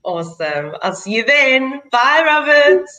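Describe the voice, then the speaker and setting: A woman's voice: high-pitched, big pitch swings, unhurried, bright, forceful tone, dull audio. A South African woman hosting a casual video-call chat, chatty and laughing often. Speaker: host.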